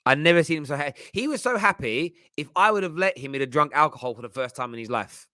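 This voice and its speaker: A man's voice: on the high side, animated, fast, pushed and bright, dry recording, studio quality. A man hosting football fan commentary, talking in a passionate, emphatic way. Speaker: football channel host.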